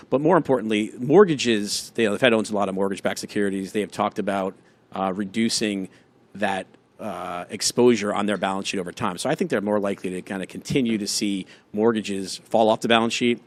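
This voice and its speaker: Low-voiced man discussing markets. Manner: thoughtful, hedging with fillers.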